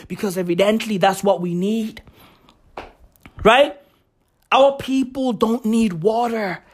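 A woman delivering a profane, sarcastic comedic rant full of slang and mock gratitude. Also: a little high. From South Africa. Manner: profane, slangy, mock-grateful, drawn-out emphasis.

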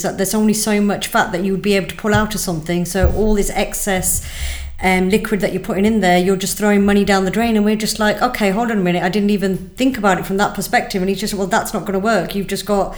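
A woman, a gin distillery co-founder, explaining the process in a steady, methodical way. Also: mid-range voice, fast. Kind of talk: explanatory conversation. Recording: echoey room.

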